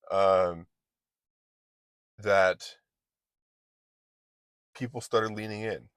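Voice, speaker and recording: A man's voice: lowish voice, fairly even intonation, slow pace, pauses often, a bit bright, clean tone, dry recording. A man giving a casual motivational talk as an online business coach, chatty and loose, often restarting his sentences and acting out little exchanges.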